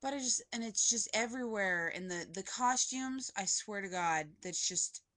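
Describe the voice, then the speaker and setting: A woman's voice: mid-range voice, normal speed, bright, forceful tone. A young woman vlogging a casual movie review from home on a webcam, gushing and rambling with lots of "like". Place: indoors at home, poorly lit.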